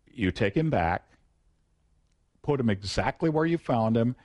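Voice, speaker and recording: Stern English mother, low and firm, scolding , put on by a male preacher. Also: expressive, unhurried, a little mellow.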